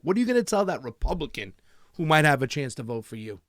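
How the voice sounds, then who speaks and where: Young male interviewer with a high, dry voice and a chatty questioning style. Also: sing-song, a bit bright, dry recording. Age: young adult. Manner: conversational, quick questions, laughing asides. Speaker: show host. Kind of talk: casual political interview.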